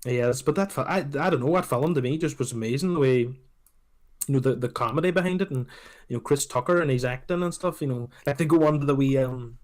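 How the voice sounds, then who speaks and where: Swearing, animated man. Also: mid-range voice, fast. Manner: animated storyteller, swears freely, acts out film scenes. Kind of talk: casual chat about films.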